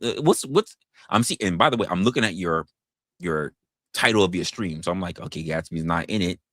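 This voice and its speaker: A man streaming online in casual chat, venting in an animated way with frequent restarts, swearing freely, and rising to incredulous outbursts. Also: low-pitched, no room sound. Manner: halting restarts.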